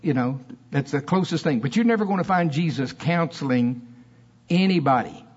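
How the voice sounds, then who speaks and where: A man delivers a sermon in church, his husky, slightly high voice swinging between fiery emphasis and quiet asides. The recording is dull and lo-fi. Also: expressive, normal speed. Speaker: preacher.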